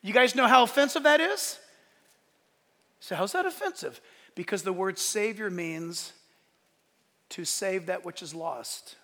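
Man, pastor, animated sermon, high bright voice, long church-hall echo. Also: unhurried, long pauses. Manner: animated preaching, acts out quoted voices.

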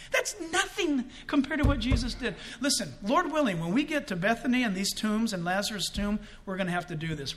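A man preaching a sermon in an animated way, breaking into shouts for emphasis and joking as he goes. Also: very high voice. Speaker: pastor.

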